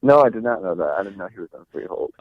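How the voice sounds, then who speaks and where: A young man with a very low voice chats loosely as an interview guest. He rambles along, full of fillers and restarts. He comes through a tinny, dry phone line. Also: big pitch swings, fast talker, no echo. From New Jersey. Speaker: guest actor. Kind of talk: casual interview chat.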